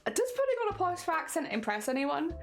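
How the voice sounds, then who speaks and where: A woman's voice: high-pitched, sing-song, fairly quick. A woman with an English accent, chatting casually with her viewers while she crafts and laughing often. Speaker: craft streamer.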